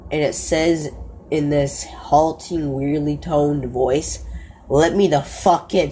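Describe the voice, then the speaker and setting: A woman narrating a first-person horror story in a slow, low-key way, often stopping to correct herself. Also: dark tone, a little hiss or hum.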